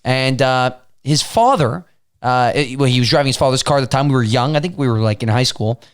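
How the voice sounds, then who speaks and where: A young man co-hosting a podcast, telling a story in casual chat and acting out the shouting of the people in it. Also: medium pitch, brisk, clear, resonant tone. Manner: animated storyteller, acts out quoted yelling. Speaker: podcast co-host.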